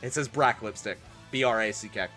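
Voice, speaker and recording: Bright-voiced man doing a mock-dramatic reading. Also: on the low side, fairly quick, soft background music. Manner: mock-dramatic, wry asides. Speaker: streamer.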